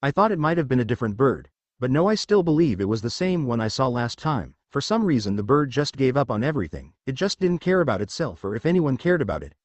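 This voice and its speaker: A man's voice: mid-range voice, sing-song, fast talker, no echo, dull audio. A man voicing a smug, scheming young male ninja in a taunting, mock-friendly way, read from a fan story.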